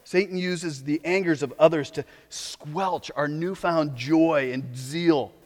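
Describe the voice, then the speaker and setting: A man preaching a sermon as pastor, animated, sometimes mocking the voices of opponents. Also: a little high, slow, big-room sound.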